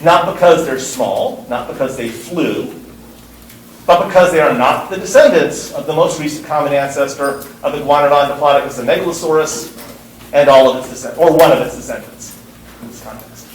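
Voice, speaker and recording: A man's voice: fairly high pitch, moderate pace, roomy sound, distant mic, slight background noise, poor audio. A man teaching a university course, lecturing in an emphatic way and repeating words for stress. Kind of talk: classroom lecture.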